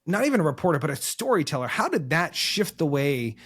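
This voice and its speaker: A man's voice: fairly high pitch, very animated, brisk, a bit bright, slightly rough. A man hosting an interview. He asks questions with admiration and searches for words as he talks. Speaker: podcast host.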